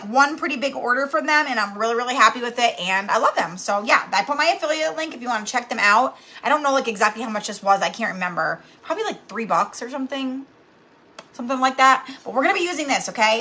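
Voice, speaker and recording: A woman's voice: sits high, pushed and bright, husky. A woman in her thirties hosting a live craft tutorial from home, chatty and bubbly, greeting viewers by name as she talks. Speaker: craft channel host.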